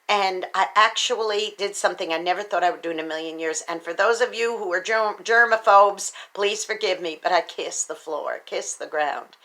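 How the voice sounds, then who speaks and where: Bright-voiced American woman vlogger. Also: mid-range voice. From United States. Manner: earnest and patriotic, addresses viewers as boys and girls. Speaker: vlogger and speaker. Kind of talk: personal storytelling to camera.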